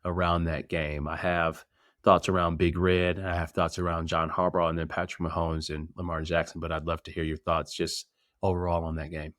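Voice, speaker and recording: A man's voice: deep voice, flat delivery, normal speed, a bit bright, no room sound, clean studio sound. A man co-hosting a sports podcast, a former football player talking through his own stories in laid-back casual chat.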